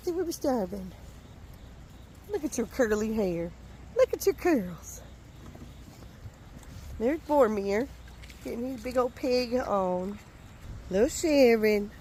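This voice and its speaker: A woman's voice: fairly high pitch, animated, slow pace, pauses often, dark tone, slight background noise. A woman outdoors, cooing at her animals in affectionate baby talk during a casual vlog. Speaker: vlogger. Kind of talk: casual chat with farm animals.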